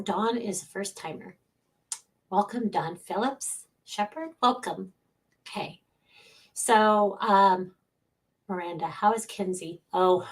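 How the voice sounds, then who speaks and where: A woman's voice: medium pitch, slightly rough. A middle-aged woman hosting a casual livestream as a psychic medium, chatting from home, greeting viewers by name and laughing often.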